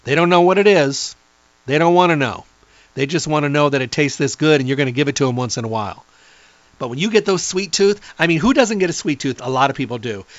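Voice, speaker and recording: A middle-aged man giving an enthusiastic, rambling product pitch as a nutrition presenter, reeling off long lists. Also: fast, dry recording, muffled recording.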